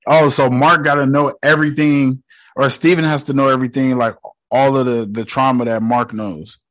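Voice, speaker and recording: A man casually recapping a TV episode in slangy, profane, excitable speech. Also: mid-range voice, normal speed, no room sound. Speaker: show reactor.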